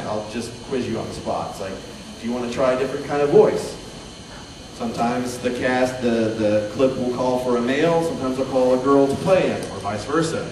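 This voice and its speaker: A man leading a dubbing panel at a convention, chatty and joking as he directs volunteers from the audience. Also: mid-range voice. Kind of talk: casual convention panel talk. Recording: echoey room from far off, crowd noise. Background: audience murmur and laughter.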